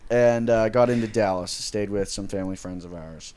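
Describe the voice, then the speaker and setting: Chill guy on a podcast, kinda low voice, easygoing. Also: moderate pace, darkish tone, clean tone. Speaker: podcast guest. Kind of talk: casual podcast chat.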